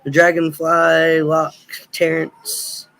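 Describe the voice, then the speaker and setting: A man's voice: a little high, completely flat delivery, slow pace, vocal fry, fairly bright tone, low-quality recording. A man hosting a casual livestream from a home setup, hesitant and thinking aloud with many fillers. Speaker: livestream host.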